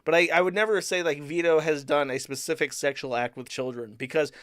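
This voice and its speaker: Streamer host, male, somewhat high voice, foul-mouthed and indignant, dry close sound. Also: steady tone, a little fast, fairly bright tone, clear, resonant tone, no echo. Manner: profane, incredulous and indignant. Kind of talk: casual commentary stream.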